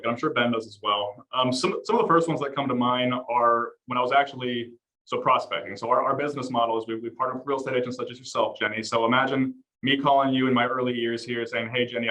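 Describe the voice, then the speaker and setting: Male security salesman on a panel, quick and eager, bright-voiced. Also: medium pitch, fairly even intonation, rough recording. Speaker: home security sales guest. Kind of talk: panel conversation.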